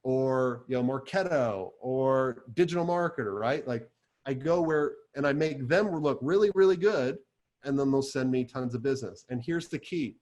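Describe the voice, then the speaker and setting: A man giving a live talk to an audience as an agency coach, chatty and energetic, full of fillers as he tells stories. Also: medium pitch, moderate pace.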